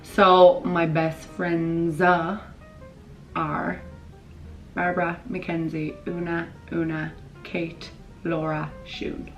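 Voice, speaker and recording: A young woman in her twenties with a Kerry Irish accent, chatting bubbly and quick to camera as a vlogger. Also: on the low side, level tone, soft background music, low-quality recording. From Ireland. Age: 20s. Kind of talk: casual chat to camera.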